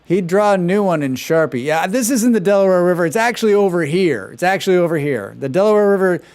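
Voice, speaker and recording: Fast-talking and expressive, this man livestreams a game and chats casually with sarcastic, joking remarks. His voice is high-pitched with a darkish tone.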